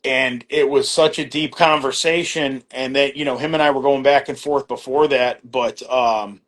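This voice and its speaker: Middle-aged man, mid-pitched and relaxed, telling a loose, filler-heavy story as a podcast guest with casual swearing. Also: moderate pace. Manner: rambling, many fillers and restarts, acts out quoted exchanges; laid-back, swears casually.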